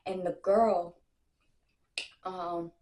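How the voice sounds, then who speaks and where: A woman's voice: fairly low pitch, drawn-out words. Young woman spilling the tea, brash and cussing, acts out everybody's lines, kinda echoey room. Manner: animated, brash, lots of slang and profanity; acts out other people's lines in quotes. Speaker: storytime vlogger. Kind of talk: casual storytime.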